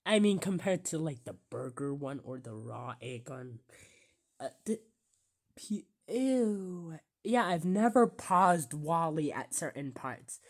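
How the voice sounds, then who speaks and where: A woman giving casual commentary while pausing a movie, groaning in disgust and often dropping to a whisper. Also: low voice, animated, fairly bright tone. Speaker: YouTuber reacting to a film.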